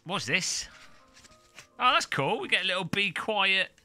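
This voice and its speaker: Lively, bright-voiced man rambling. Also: high voice, unhurried, soft background music. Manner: rambling, jokey, reads foreign words in silly exaggerated voices. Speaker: tech streamer. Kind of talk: casual unboxing chat.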